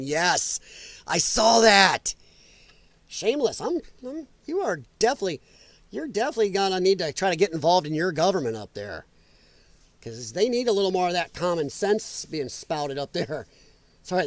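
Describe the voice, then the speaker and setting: A man's voice: high voice, no echo. A man hosting a casual political livestream, talking loosely and profanely, laughing often and answering chat comments. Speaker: livestream host.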